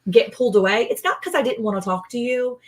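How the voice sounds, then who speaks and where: A woman co-hosting a casual livestream, chatty and rambling, often quoting people in lively voices. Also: a little high, quick pace, a little hiss or hum. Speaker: livestream co-host.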